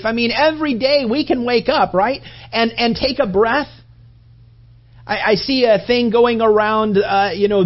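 A man's voice: high voice, muffled recording. A man preaching a sermon in a conversational, rambling way, often restarting his sentences.

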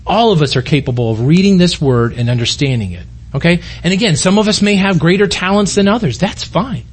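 A man's voice: high-pitched, animated, fairly quick, breathy edge. A middle-aged man, a pastor, preaching a sermon in an earnest, conversational way, often restarting his sentences.

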